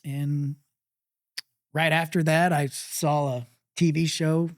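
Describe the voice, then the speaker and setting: A middle-aged man from Texas, a pit master guest, telling a personal story in an interview, halting and full of pauses and fillers. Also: fairly high pitch, flat delivery, no echo, studio quality.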